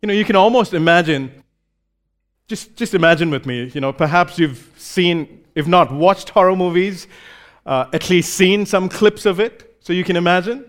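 A man's voice: sits high, moderate pace. A man preaching a sermon, explaining scripture in a conversational way and briefly acting out the quoted lines.

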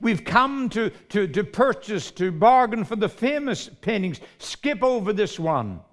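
A man shouting as a pushy auction bidder. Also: high voice, big pitch swings, a little slow, voice pushed up. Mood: impatient. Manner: shouting impatiently.

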